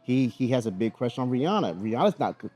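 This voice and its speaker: A man in his forties co-hosting a casual chat, talking with lively energy and laughing easily. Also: mid-range voice, fast, muffled recording. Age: 40s. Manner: lively, animated, laughs often. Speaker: podcast co-host.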